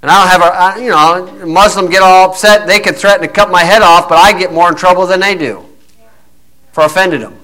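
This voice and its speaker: A man's voice: high-pitched, fast talker, pushed and bright, poor audio. A man preaching a blunt monologue in a combative, scornful, folksy way, full of fillers.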